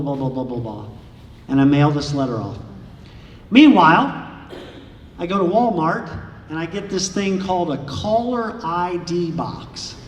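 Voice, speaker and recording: A man giving an author's talk at a library, telling anecdotes in a lively way and acting out the dialogue. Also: on the high side. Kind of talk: storytelling lecture to an audience. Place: large echoey lecture room. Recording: echoey hall from far off, faint hiss.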